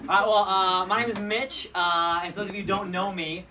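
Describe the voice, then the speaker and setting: A man's voice: high voice, fairly even intonation, normal speed. A young man with an American accent doing stand-up comedy. He talks in a chatty, self-deprecating way and laughs often. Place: live comedy venue. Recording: distant live mic, loud crowd and noise.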